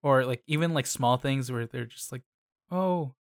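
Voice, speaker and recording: Chatty podcast host, dry close sound. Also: male voice, medium pitch, moderate pace, no echo. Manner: animated, playful, lots of filler "like". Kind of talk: casual chat.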